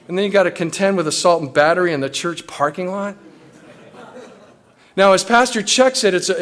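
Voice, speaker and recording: A man preaching a sermon as a pastor, animated and acting out the voices of people he quotes. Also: high voice.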